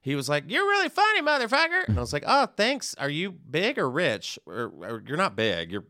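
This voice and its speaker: A man co-hosting a comedy podcast, telling animated comic stories and acting out quotes. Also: medium pitch, moderate pace, dry recording, studio quality. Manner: animated, acts out quotes in jumpy voices. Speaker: podcast co-host. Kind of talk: casual chat, comic storytelling.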